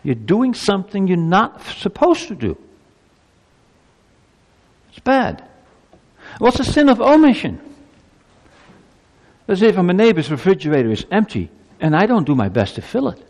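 A man's voice: unhurried, long pauses. Man preaching in an echoing church. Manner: preaching with lively pitch swings and emphatic rhetorical questions. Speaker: pastor. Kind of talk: sermon.

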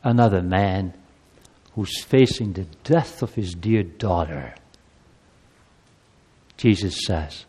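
A man's voice: low voice, takes it slowly, pauses often, dark tone, slightly rough. A man preaching a sermon as pastor, building fervor and reading scripture aloud to his congregation. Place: church sanctuary. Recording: long hall reverb.

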